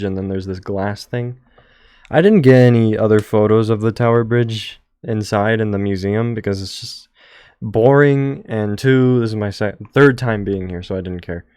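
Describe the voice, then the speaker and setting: A man's voice: on the low side, steady tone, moderate pace, darkish tone, clear, resonant tone, no room sound. Rambling young man, dry close sound. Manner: rambling, joking, trails off. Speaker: streamer. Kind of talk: casual chat over travel photos.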